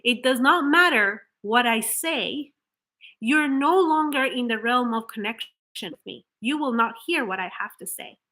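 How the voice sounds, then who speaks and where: A woman delivers an earnest motivational talk straight to camera. Her voice sits a little high and rings bright. She works through her ideas with rhetorical questions and small restarts. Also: unhurried. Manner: acts out flat, hollow example affirmations. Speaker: manifestation coach.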